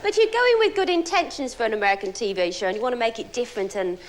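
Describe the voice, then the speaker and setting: A chatty English woman with a fairly high voice that bounces up and down as she talks. She answers as a guest, candid and quick to giggle. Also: expressive, heavy background noise. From Surrey, England. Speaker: talk show guest. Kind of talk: casual interview chat.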